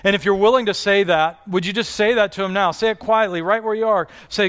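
A man's voice: sits high, a little fast, fairly bright tone. A man preaching a sermon in an earnest style, with rising and falling delivery and repeated questions to the congregation. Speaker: pastor.

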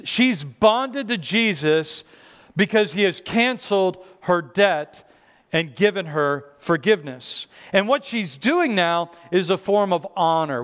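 In a church sanctuary, a male pastor preaches a sermon, telling stories conversationally and poking fun at himself. His voice is high and fairly bright, and the recording carries the long reverb of a large church hall.

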